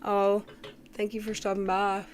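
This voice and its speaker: Woman, livestream host, casual commentary, rambling, clears her throat often, mid pitch. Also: completely flat delivery, unhurried, slight background noise. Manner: chatty and rambling, greets viewers, frequent throat clearing.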